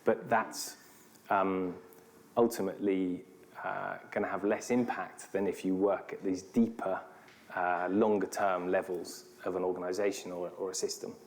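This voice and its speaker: A man, an architect with a British accent, answering audience questions in a thoughtful, measured way with some hesitations. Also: sits low, little pitch movement. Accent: British English. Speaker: city architect, guest speaker.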